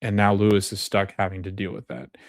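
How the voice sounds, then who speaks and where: A man's voice: low-pitched, level tone, brisk, no room sound, studio quality. A man hosting a podcast, casually recapping a TV episode and retelling its scenes with quoted dialogue and loose fillers. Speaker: podcast host.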